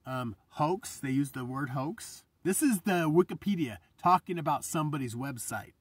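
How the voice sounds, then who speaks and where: Husky guy going off in a rambling rant, swears constantly, sounds a bit far from the mic. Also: on the high side, lively intonation, normal speed, no room sound, studio quality. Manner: profane, rambling, agitated. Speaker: channel host. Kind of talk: ranting monologue.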